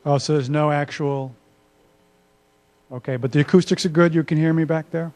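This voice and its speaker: Older man giving a relaxed talk. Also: fairly high pitch, normal speed. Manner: conversational, self-deprecating, many filler uhs. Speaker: academic speaker. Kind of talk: workshop presentation. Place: conference room.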